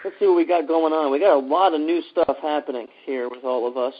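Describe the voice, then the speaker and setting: A man's voice: fairly high pitch, quick pace, husky, lo-fi sound. A man hosting a podcast in casual chat, loose and joking, with many fillers. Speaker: podcast host.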